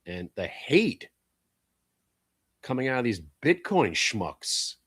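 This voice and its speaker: A man hosting a live stock trading show, talking bluntly and excitably as he trades, swearing at the market. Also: mid-range voice, slow, husky, no room sound, clean studio sound.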